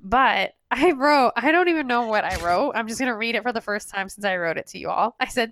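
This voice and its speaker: A woman's voice: a little high, brisk, hardly any pauses, no echo. Chatty woman podcast host, dry mic. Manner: animated, sarcastic, laughs often. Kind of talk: casual fan podcast chat.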